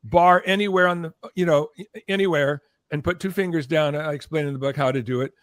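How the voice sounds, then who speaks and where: Older man telling a lively story. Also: a little high, a little fast, dry recording, studio quality. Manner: animated, acts out quoted voices, keeps checking in with "okay?". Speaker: podcast guest, former record executive. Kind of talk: anecdotal storytelling in conversation.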